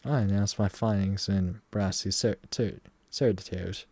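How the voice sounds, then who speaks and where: A man's voice: low-pitched, steady tone, unhurried, darkish tone, no echo. A man voicing a pompous, over-confident great detective, attempting a British accent that slips into a Southern US one. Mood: grandiose. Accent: attempted British slipping into Southern US. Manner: grandiose, theatrical, over-confident. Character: pompous self-proclaimed great male detective. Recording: game music underneath.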